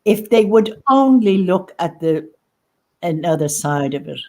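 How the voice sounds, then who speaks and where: A woman recounting personal experience as an interview guest, halting and emotional, often repeating her phrases. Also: on the low side, lively intonation, darkish tone. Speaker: guest sharing lived experience. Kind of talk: personal testimony in conversation.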